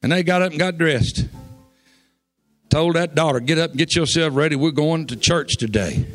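A man preaching, telling a folksy story that builds to shouts of praise. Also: a little high, normal speed, faint music behind. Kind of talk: sermon storytelling. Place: church.

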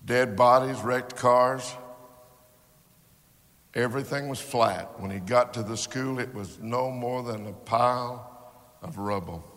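A man preaching a sermon, telling a story slowly and building to impassioned, shouted peaks. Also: medium pitch, long reverb tail.

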